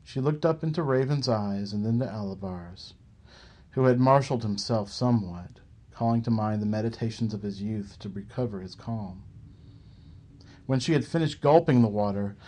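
A man narrating a fantasy audiobook in a measured, deliberate way. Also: on the low side, dark tone.

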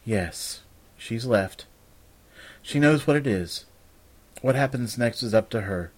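A man's voice: mid-range voice, lively intonation. A man doing a solemn old scholar mage. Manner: measured, solemn, polite. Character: old, formal, courteous male scholar mage.

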